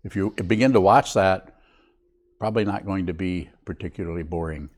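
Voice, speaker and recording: An older man, a Buddhist teacher, giving a reflective, unhurried dharma talk to a meditation group. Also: low-pitched, a little mellow.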